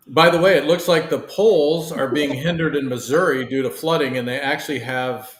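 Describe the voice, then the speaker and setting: A man's voice: on the high side, normal speed, reverberant. A man co-hosting a live online show, teasing the others bluntly in casual chat. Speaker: co-host.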